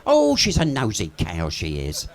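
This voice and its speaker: A man's voice: fairly low pitch, wildly swooping pitch, unhurried, gravelly. A man doing cheeky, gossipy stand-up patter as a cabaret comedian on a pub stage before a live audience. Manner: camp, cheeky, gossipy storytelling with laughs.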